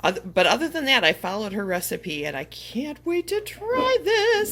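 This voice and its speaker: A woman's voice: mid-range voice, wildly swooping pitch, moderate pace, few pauses, fairly bright tone, slight background noise, low-quality recording. A woman chatting casually in a vlog, emotional and rambling with lots of fillers. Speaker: vlogger.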